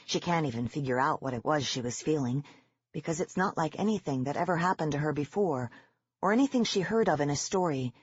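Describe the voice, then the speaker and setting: An audiobook narrator reading a horror novel in a measured, even storytelling manner, in a slightly dull lo-fi recording. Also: medium pitch, husky, no echo.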